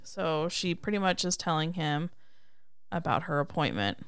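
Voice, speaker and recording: A woman's voice: sits low, animated, moderate pace, clean tone. A woman co-hosting a podcast, chatting casually through a recap, laughing often and acting out what characters say. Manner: laughs often, acts out characters' lines in quotes. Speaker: podcast co-host.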